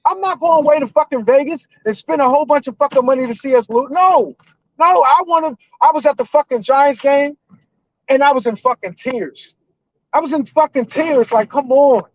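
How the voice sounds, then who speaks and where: A man in his forties calling in to a live show, ranting loudly and emotionally with heavy cursing. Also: extremely high pitch, no room sound, dull audio. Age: 40s. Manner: loud, emotional and profane. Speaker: caller. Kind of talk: heated fan rant on a live call-in show.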